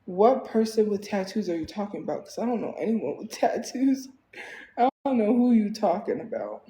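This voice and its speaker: A woman's voice: mid-range voice, moderate pace, mellow, echoey room, poor audio. A woman livestreaming, venting in a casual, exasperated way with lots of fillers.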